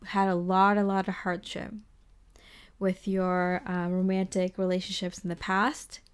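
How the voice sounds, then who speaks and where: Smooth-voiced woman giving a tarot reading. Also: on the low side, completely flat delivery, a little slow. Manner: gentle, reassuring, rambling with many fillers. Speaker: tarot reader. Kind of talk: casual spoken tarot reading.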